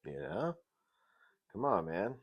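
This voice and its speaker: A man hosting a casual TV review show, animated and jokey, swinging between loud bursts and mutters. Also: deep voice, takes it slowly, breathy edge, dull audio. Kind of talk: casual commentary.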